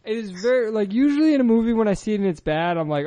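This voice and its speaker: A man's voice: high-pitched, sing-song, rapid-fire, dark tone, dry recording, dull audio. A man co-hosting a casual comedy podcast, sarcastic and laughing often. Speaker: podcast co-host.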